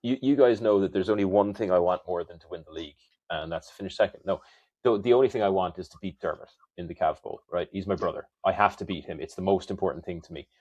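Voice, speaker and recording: Teasing man giving brisk rundowns. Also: sits low, darkish tone, dry recording, lo-fi sound. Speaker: fantasy football podcast co-host. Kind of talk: casual podcast chat.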